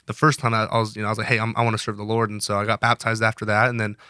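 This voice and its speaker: Twenties male interview guest, bright and brisk delivery, earnest and rambling. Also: lowish voice, completely flat delivery, clean tone, no room sound, clean studio sound. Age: 20s. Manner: earnest, rambling with many restarts. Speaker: guest, college wrestler. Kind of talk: casual interview talk.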